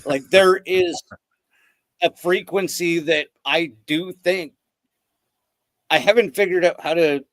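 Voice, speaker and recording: A man's voice: on the high side, slow, pauses often, fairly bright tone, no echo. A man hosting a casual podcast, telling loose rambling stories and swearing freely. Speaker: podcast host.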